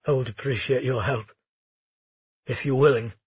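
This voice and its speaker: A man's voice: medium pitch, fairly even intonation, normal speed, slightly rough, no room sound, muffled recording. A man doing a desperate, commanding young prince. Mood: grim, controlled. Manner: shouted, demanding pleas.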